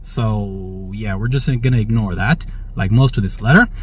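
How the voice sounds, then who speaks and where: Speaking at normal speed in a fairly low, slightly rough voice, a man hosts prophetic religious commentary. He reads news aloud, bursts in with jubilant praise, and frequently checks in with "all right?" It's a dull, dry lo-fi recording.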